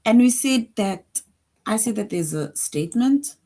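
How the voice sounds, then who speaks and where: Slow, patient woman teaching young children. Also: a little high, lively intonation, mellow. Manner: slow, patient, repeats points with frequent "right?". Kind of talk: online lesson for young children.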